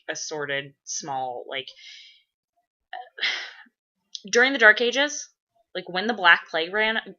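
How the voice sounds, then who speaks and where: A woman's voice: fairly low pitch, sharp tone. A woman chatting casually as a role-play blogger, rambling and swearing a lot. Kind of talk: casual chat. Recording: dull lo-fi recording.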